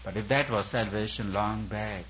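Emphatic low-voiced man preaching. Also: normal speed, fairly bright tone, a little hiss or hum. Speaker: spiritual teacher. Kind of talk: sermon to a retreat audience. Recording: dull lo-fi recording.

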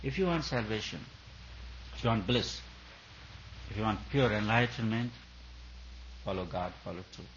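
A man's voice: fairly low pitch, moderate pace, pauses often, a bit bright, highs cut off, slight background noise. A man giving a sermon as a spiritual teacher, in an emphatic preaching style that repeats and builds on its phrases. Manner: emphatic, repetitive preaching cadence.

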